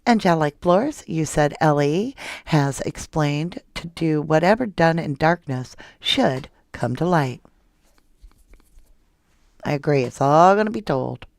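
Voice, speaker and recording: A woman chats casually with her viewers as she hosts a livestream, her voice low and gravelly. She turns animated and jumps up high when something excites her, and the sound is dry and close. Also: slow pace, dry recording. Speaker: true crime livestream host. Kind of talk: casual live chat reading viewer comments.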